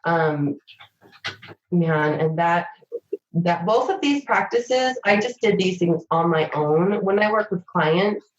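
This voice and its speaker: A woman's voice: lowish voice, expressive, slow, echoey room, dull audio. A woman intimacy coach speaking in an interview, reflective and explaining things step by step, often voicing questions to herself. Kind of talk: conversational interview.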